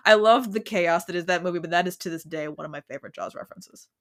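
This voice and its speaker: Relaxed woman rambling on a podcast. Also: lowish voice, fast. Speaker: podcast co-host. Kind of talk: casual podcast chat.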